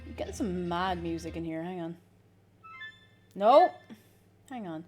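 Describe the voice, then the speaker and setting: A woman's voice: lowish voice, lively intonation, measured pace, warm tone, soft background music. An Irish woman streaming live as she bakes, chatting in a rambling way and greeting viewers from chat. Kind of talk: casual chat while baking on stream.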